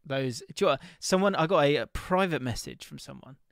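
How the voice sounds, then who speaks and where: A man chats loosely about football on a podcast, his voice slightly high with a gravelly edge. He wanders and loses his thread as he skims comments. The sound is close and dry. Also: expressive, fairly quick, fairly bright tone, dry recording. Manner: rambling, distracted, reads comments while talking. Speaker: podcast co-host. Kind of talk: casual football chat.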